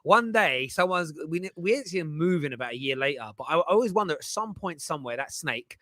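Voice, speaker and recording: A man rambles through casual podcast stories, full of slang and restarts. His voice is bright and forward. The sound is close and dry, with no room around it. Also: fairly high pitch, animated, a little fast, no room sound. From England. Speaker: co-host.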